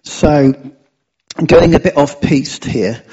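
A man's voice: on the high side, takes it slowly, a little mellow, breathy edge, highs cut off. A man speaking to a church congregation in a chatty, informal, encouraging way, leading prayer and a sermon.

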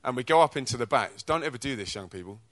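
Lively British man telling a sermon story. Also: mid-range voice, rapid-fire. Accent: British English. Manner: energetic, chatty storyteller who acts out quotes. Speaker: speaker at a youth church event. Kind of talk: testimony-style preaching with stories.

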